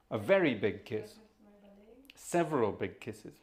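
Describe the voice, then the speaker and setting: A man's voice: medium pitch, brisk. A man hosting a casual organ livestream from his upstairs room at home, chatting and joking with viewers. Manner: chatty, jokey, animated, thanks viewers by name. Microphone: room microphone.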